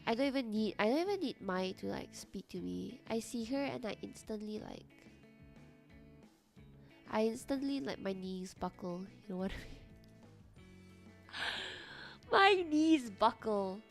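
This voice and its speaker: A young woman streamer chatting casually with her viewers, reacting loudly and animatedly to chat comments. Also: medium pitch, expressive, normal speed, vocal fry, soft background music.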